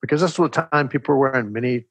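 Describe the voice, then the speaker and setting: An older man from Texas, an interview guest telling stories in a measured, reflective way, with a husky voice. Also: medium pitch, no room sound. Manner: measured, reflective, animated storyteller. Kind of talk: storytelling in conversation.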